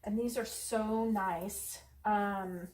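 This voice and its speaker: A woman's voice: mid-range voice, fairly even intonation, very slow, a little mellow, far from the mic. Chatty woman cooking in an echoey kitchen. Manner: chatty, rambling, many ums. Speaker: cooking channel host. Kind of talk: casual cooking vlog. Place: home kitchen. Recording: echoey room, voice away from mic.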